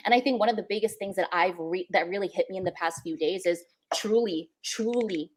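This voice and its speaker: A woman's voice: fairly low pitch, quick pace, slight background noise. Young adult woman, podcast co-host, heartfelt and emotional delivery, repeats for emphasis. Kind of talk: heartfelt spiritual podcast chat.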